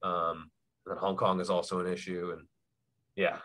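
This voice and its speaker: A young man explaining things in a relaxed, rambling way, with lots of fillers, as a podcast guest. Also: low-pitched, normal speed. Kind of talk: casual chat.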